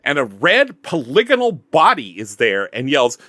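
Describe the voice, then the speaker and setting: A man's voice: medium pitch, wildly swooping pitch, moderate pace, pushed and bright, a little hiss or hum. A man narrating a tabletop role-play game as game master, chatty and joking with asides to the audience. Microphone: headset-style desk mic.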